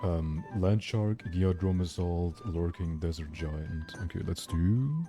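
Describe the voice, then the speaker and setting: Deep-voiced man with a light German accent. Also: takes it slowly, over music. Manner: rambling, candid, salty. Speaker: streamer. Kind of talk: casual chat.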